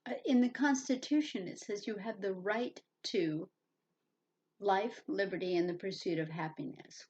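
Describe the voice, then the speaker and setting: A woman's voice: mid-range voice, highs cut off. A woman teaching a reading lesson to young children, patiently spelling out words letter by letter and explaining their meanings.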